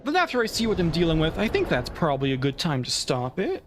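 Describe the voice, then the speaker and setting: A man's voice: fairly high pitch, huge pitch swings, fast, noisy background. A man giving casual let's play commentary, thinking aloud and cursing when the game goes badly.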